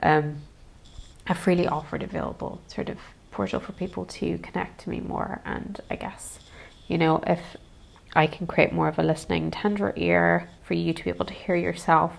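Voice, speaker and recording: A woman hosting a self-help podcast, talking in a gentle, searching way with many pauses and soft hedges. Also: fairly low pitch, steady tone, gravelly. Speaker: podcast host. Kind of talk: reflective self-help monologue.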